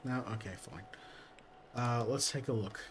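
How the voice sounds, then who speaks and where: A man's voice: mid-range voice, measured pace, slight background noise. A man streaming a game, reading its text aloud and adding casual joking asides.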